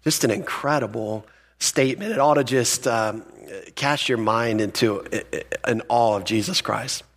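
A man's voice: mid-range voice, a little slow, a bit bright. A male pastor giving a sermon in a conversational, emphatic way.

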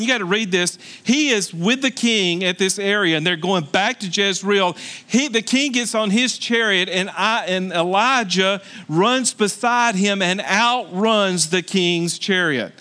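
High, bright-voiced pastor preaching animatedly. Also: male voice. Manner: animated storytelling with exclamations and asides. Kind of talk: sermon. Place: indoors.

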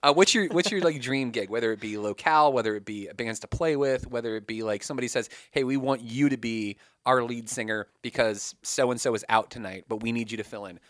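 A man's voice: mid-range voice, brisk, hardly any pauses, no echo, studio quality. A man hosting a casual podcast interview, rambling through questions with lots of fillers. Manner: animated, rambling, laughs a lot. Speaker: podcast host.

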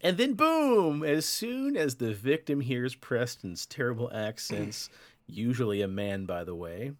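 Speaking a little slowly at medium pitch, a podcast host tells spooky folklore in a lively, swinging voice with an average register. It's casual storytelling, kept playful as he teases his co-host.

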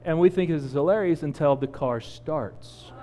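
A man in his forties preaching a sermon, telling a personal story with lively acted-out quotes. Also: fairly high pitch, normal speed, in a large hall, a little hiss or hum. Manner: animated storyteller, acts out quotes. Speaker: pastor.

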